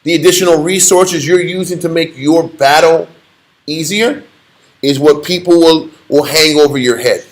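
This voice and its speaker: A man's voice: fairly high pitch, normal speed, poor audio. A man preaching a sermon, emphatic and asking rhetorical questions. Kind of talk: sermon teaching.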